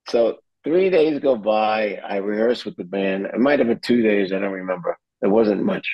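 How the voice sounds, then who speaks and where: Lively low-voiced man telling a story. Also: normal speed, few pauses, dry recording, dull audio. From New Jersey, USA. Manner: animated storyteller who acts out quotes. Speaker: guest musician. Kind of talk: casual storytelling interview.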